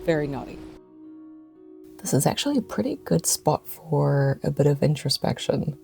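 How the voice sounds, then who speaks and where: A woman's voice: low voice, very animated, normal speed, vocal fry, warm tone, soft background music. An American woman around forty hosting a casual vlog outdoors by the sea, talking in a playful, self-mocking way. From United States. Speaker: vlogger host.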